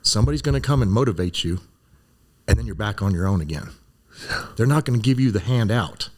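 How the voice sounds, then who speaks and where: Fast-talking older man telling war stories. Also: on the low side. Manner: animated storyteller, acts out voices. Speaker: guest, former Green Beret physician. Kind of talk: storytelling in a conversation.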